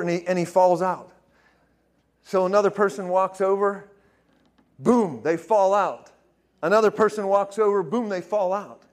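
A man preaching in a casual storytelling way, full of fillers and restarts, rising to excited, loud peaks. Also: a little high. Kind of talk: conversational sermon storytelling.

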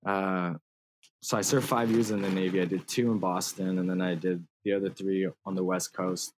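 Man, thirties, low voice, guest in a casual interview, laughs often, slangy. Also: flat delivery, moderate pace, noisy background. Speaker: guest musician.

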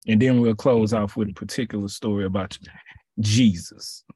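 Street-casual preacher, man, slightly raspy, repetitive emphatic delivery, dead-dry sound. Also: fairly low pitch, fairly even intonation, moderate pace, warm tone, dry recording. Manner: conversational, slangy, repeats phrases. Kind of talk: casual sermon.

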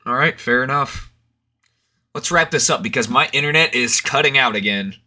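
A man's voice: mid-range voice, expressive, moderate pace, bright, forceful tone. A man co-hosting a casual podcast, joking and laughing with crude humor while talking over a remote call. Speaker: podcast co-host.

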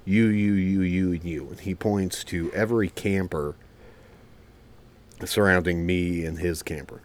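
Low-voiced man telling a wild story. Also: measured pace. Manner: profane, animated storyteller. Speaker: podcast host. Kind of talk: casual storytelling chat.

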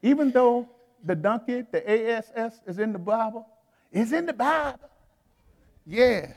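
A man's voice: very high voice, lively intonation, measured pace, gravelly, darkish tone, big-room sound. A man preaching a sermon to his congregation in a folksy, conversational way, talking straight to the crowd and laughing between points. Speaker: pastor.

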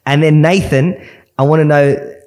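A man's voice: fairly high pitch, fairly even intonation, a little slow, darkish tone. A man hosting a casual interview. He asks loose questions full of fillers and restarts. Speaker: interview host.

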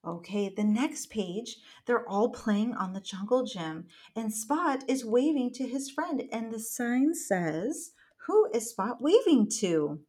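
Gentle mother reading to a toddler. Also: fairly high pitch, animated, slow pace, few pauses, breathy edge. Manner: gentle, encouraging, speaks to a small child. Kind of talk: reading a picture book aloud.

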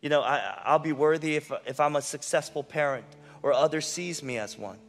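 A male pastor preaching a sermon with passion, swinging from loud emphasis to hushed intensity. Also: fairly high pitch, fairly quick, big-room sound, soft background music.

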